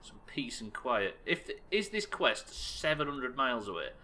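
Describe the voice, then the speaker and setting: An English-accented streamer rants sarcastically through his gameplay, swearing freely. His voice is bright and forceful. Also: medium pitch, expressive, normal speed, a little hiss or hum. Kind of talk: live gameplay commentary.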